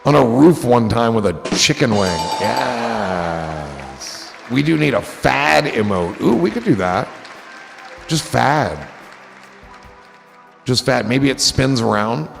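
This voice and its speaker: A man's voice: mid-range voice, big pitch swings, a little slow, creaky, in a large hall, over music, a crowd in the background. A man hosting a casual livestream, rambling in a goofy, profane way to his chat. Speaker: livestream host.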